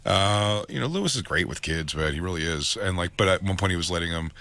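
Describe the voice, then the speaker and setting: A man co-hosting a casual comedy talk show, telling stories with lively voices for the people in them. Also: low-pitched, fast. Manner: animated storyteller, does voices of others; laughs while telling stories. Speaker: co-host.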